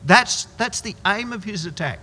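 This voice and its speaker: Animated male preacher in an echoey hall. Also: high voice, husky. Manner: emphatic, slowing right down on key words. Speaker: pastor. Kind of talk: sermon.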